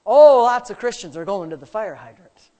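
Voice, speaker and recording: A man preaching a sermon, swinging from low, hushed asides to high, shouted emphasis, with drawn-out emphatic phrases. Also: expressive.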